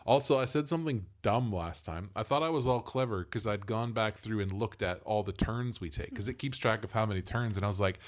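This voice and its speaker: A man's voice: fairly low pitch, a little fast, hardly any pauses. A middle-aged father co-hosting a casual family podcast, rambling and self-deprecating as he explains things.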